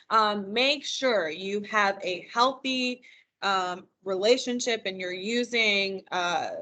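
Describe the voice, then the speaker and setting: A woman's voice: fairly high pitch, sharp tone. A woman giving a live virtual financial wellness training, chatty and encouraging as she answers questions from attendees over a computer microphone. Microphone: computer mic on a video call.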